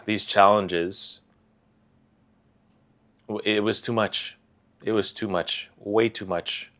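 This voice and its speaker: A man speaking softly and haltingly, with sighs and restarts, as he tells a personal story in a confessional vlog. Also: sits low. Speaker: vlogger sharing a personal story.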